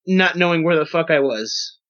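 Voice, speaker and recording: A young man with a high, bright voice tells a story on a podcast in a loose, rambling way. He swears freely. The audio sounds dull and lo-fi. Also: moderate pace. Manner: rambling, profane, animated storytelling. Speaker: podcast host. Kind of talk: casual storytelling.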